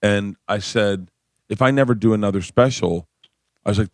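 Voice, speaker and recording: A comedian in his fifties telling stories as a guest on a radio show, acting out quotes with a shrill voice. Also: moderate pace, no room sound, clean studio sound. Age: 50s. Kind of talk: casual storytelling chat. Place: radio studio.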